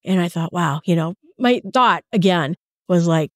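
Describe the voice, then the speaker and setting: A woman teaches scripture in a relaxed, conversational way and wanders into personal anecdotes and asides. Her voice sits a little low for a woman. The recording is dry and close, with no room sound. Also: moderate pace, no echo. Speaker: Bible teacher and podcast host. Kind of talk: casual Bible teaching with personal stories.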